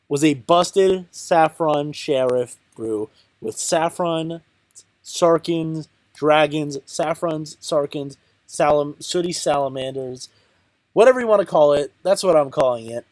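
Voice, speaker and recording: Slow, mumbling man commentating his game. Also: on the high side, a little mellow, no room sound. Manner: rambling, self-mocking, mutters and counts aloud. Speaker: channel host playing a card game. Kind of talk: casual gameplay commentary.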